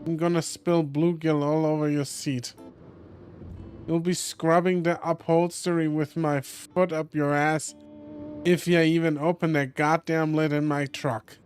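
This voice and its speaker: A surly male gila lizard with a crude, threatening way of talking, read out by a man in a fairly high voice. Soft music sits faintly underneath. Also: flat delivery, measured pace, lightly acted. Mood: menacing.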